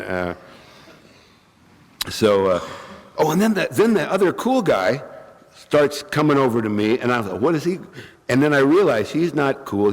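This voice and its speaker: Wry storytelling man with bronchitis. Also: mid-range voice. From California. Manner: wry, self-mocking, acts out quotes. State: coughing, bronchitis. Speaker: recovery meeting speaker. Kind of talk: humorous storytelling talk. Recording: reverberant hall.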